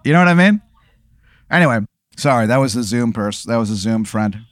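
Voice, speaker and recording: A man's voice: medium pitch, expressive, fairly quick, no echo, studio quality. A man casually spinning a made-up scenario, full of fillers and restarts, as a podcast co-host. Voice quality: rambling, filler-heavy storytelling. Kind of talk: casual comedic chat.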